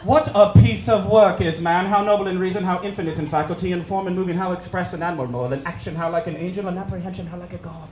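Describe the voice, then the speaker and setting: A man voicing a gloomy Elizabethan poet, declaiming slowly and theatrically. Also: high-pitched, steady tone, lightly acted. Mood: mournful. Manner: slow, theatrical, solemn declamation. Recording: echoey hall with audience noise.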